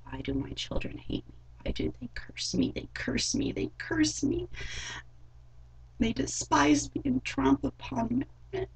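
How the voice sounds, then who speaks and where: A woman's voice: sits high, wildly swooping pitch, unhurried, creaky, distant mic, slight background noise, pitched above the performer's own voice, heavily acted, low-quality recording. A woman voicing a grieving ancient male demon who laments his children in anguished, repetitive pleas. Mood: mournful.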